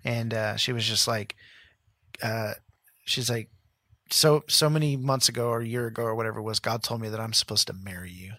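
Animated male pastor telling a story. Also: mid-range voice, fairly quick, no echo. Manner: animated storyteller acting out quotes. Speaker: pastor, podcast co-host. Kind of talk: casual storytelling chat.

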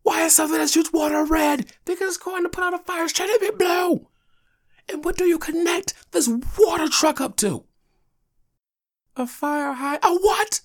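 Grown man doing a squeaky little preschool boy, shrill and mad, yelling questions at everyone. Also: moderate pace. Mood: indignant. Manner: high shrill shouting, indignant questions.

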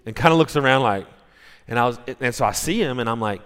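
A pastor preaches in a casual, animated way, moving from story to scripture and acting out quotes along the way. He is a man with an ordinary mid-range voice. The sound carries the long reverb of a big church hall, heard through a stage mic. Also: mid-range voice, fast talker. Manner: conversational, animated, with restarts and acted-out quotes. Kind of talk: sermon storytelling. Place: church sanctuary.

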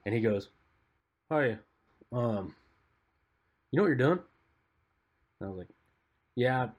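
A man on a podcast with a lowish, husky voice, telling long stories in a relaxed, rambling way. His phrases often trail off quietly at the end. Casual conversation with a co-host. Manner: rambling, laid-back storytelling, trails off quietly at phrase ends. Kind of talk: casual chat.

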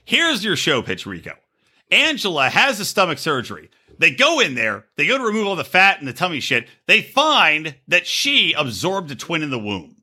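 A man co-hosting a podcast over a video call, telling rowdy, crude stories in a loud, animated way. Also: on the high side, moderate pace, husky. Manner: rowdy, crude, animated storytelling with put-on voices. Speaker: podcast co-host. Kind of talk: casual chat.

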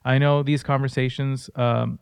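A man in his thirties co-hosts a casual faith-based podcast and tells his personal stories earnestly. His voice is smooth and resonant, with a middle pitch. It is recorded dry and close, with no room sound. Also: level tone, normal speed, no echo. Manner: earnest storytelling. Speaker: podcast co-host.

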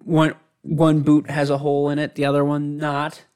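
A man's voice: a little high, monotone, moderate pace, a little mellow, clear, resonant tone. A man co-hosting a casual chat, teasing his partner in a mock-stern way.

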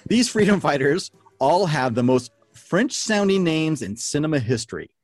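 A man's voice: fairly high pitch, very animated, normal speed, darkish tone, faint music behind. A man hosting a podcast trivia game, reading questions and scoring answers playfully. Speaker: quiz host.

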